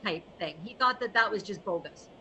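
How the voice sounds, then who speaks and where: A woman guest on a talk show, casually telling a lively anecdote. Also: mid-range voice, brisk, lo-fi sound, a little hiss or hum. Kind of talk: casual chat, storytelling.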